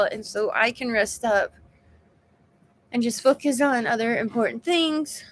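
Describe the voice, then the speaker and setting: Woman vlogger, exhausted and emotional, frank casual talk, a touch high-pitched. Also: normal speed, fairly bright tone, slight background noise. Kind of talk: casual personal video update.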